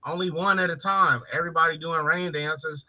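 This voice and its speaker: A man's voice: a little high, fairly even intonation, normal speed, sharp tone, lo-fi sound. A man co-hosting a casual late-night live stream, joking, swearing and calling out chat viewers by name.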